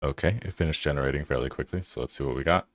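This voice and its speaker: A man's voice: rumbling low, rapid-fire, no room sound, studio quality. A man hosting a tech channel, giving loose, casual commentary over his screen and thinking aloud with fillers.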